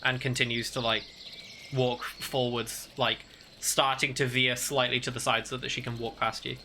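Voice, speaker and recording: A man's voice: medium pitch, little pitch movement, moderate pace, pushed and bright, a little hiss or hum. A man narrating as dungeon master of a tabletop game, hesitant and full of fillers. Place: home setup with fantasy ambience playing.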